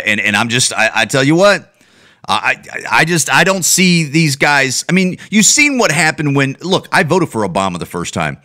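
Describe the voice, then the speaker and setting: Male comedian-host, blunt profane rant, bright voice that swings up and down a lot. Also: mid-range voice. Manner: repeats and restarts often. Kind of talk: casual ranting monologue.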